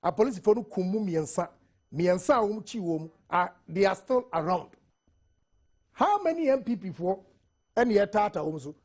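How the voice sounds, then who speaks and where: A man's voice: high-pitched, animated, normal speed, a little mellow. A Ghanaian man speaking emphatically on a TV panel, switching between Twi and English. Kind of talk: TV studio panel discussion.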